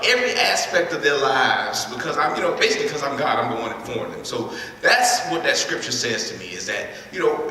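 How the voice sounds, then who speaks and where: Man with a bright voice in an echoey hall. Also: medium pitch, slight background noise. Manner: repeats words, energetic crowd prompts. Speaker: speaker leading a school workshop. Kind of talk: interactive talk to students. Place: large echoey school hall. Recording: echoey hall recorded from far off.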